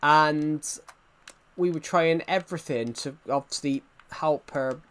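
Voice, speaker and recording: A man's voice: a little high, slow pace, a bit bright, clean tone. A young man chatting casually while livestreaming a game, rambling and poking fun at himself. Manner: rambling, self-mocking, easily sidetracked. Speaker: gaming livestreamer.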